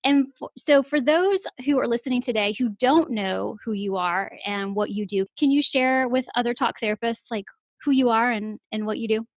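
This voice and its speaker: A woman's voice: fairly high pitch, moderate pace, no room sound, studio quality. A woman hosting a podcast about therapy, chatty and effusive, laughing often as she talks. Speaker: podcast host. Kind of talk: podcast interview.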